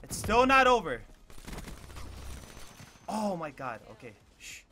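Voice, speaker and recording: A young man giving live, excitable commentary over his own gameplay, calling out plays and swearing freely. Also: sits high, background noise. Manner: quick running play-by-play shouts. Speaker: gaming video creator.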